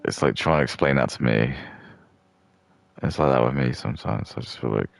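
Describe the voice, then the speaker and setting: Very deep, gravelly man. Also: fairly quick, no echo. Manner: rambling, crude, with many restarts and fillers. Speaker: streamer. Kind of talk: mock rant commentary.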